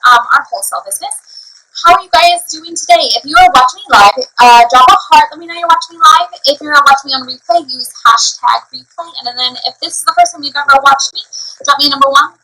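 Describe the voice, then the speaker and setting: A woman in her thirties chatting on a casual live stream about her bakery, rambling with lots of fillers and quick laughs. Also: sits high, bright, forceful tone, breathy edge, rough recording.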